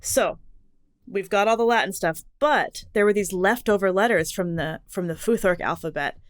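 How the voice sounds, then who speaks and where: A woman co-hosting a casual podcast, explaining things in an animated way, jumping between tangents and laughing often. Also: medium pitch, normal speed. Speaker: podcast co-host explaining letter history.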